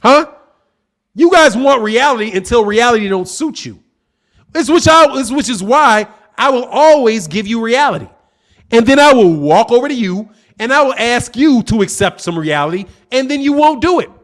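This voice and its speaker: A high-pitched man rants on a live boxing stream. His pitch swings widely as he mocks and argues with viewers, reading out their super chats between jabs. The delivery is loose, combative and confrontational. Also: expressive, moderate pace, fairly bright tone. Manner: combative, mocking, trash-talking. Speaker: boxing channel host.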